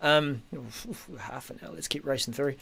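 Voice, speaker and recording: A man's voice: medium pitch, normal speed, gravelly, fairly bright tone, husky. Man, podcast host, casual tech chat, hesitant, lots of ums, trails off.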